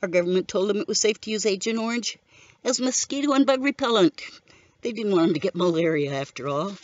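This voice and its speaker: A middle-aged widow telling her story in an earnest, grieving personal testimony. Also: on the low side. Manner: grieving, earnest, steady recounting. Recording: dull lo-fi recording.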